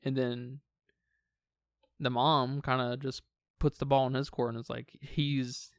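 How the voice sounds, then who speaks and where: Brief: male co-host, mid pitch, gravelly with a smooth resonance, a halting but eager talker. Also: no room sound. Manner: halting, restarts words, relaxed enthusiasm. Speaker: podcast co-host. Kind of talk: casual film discussion. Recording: dry close recording.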